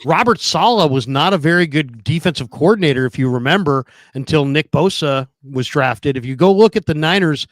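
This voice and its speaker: A man's voice: fairly high pitch, expressive, brisk, hardly any pauses, dry recording. A man co-hosting a casual sports talk show, arguing his points with pointed questions and frequent restarts over a remote call. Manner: argumentative, questioning, many restarts. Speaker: podcast co-host.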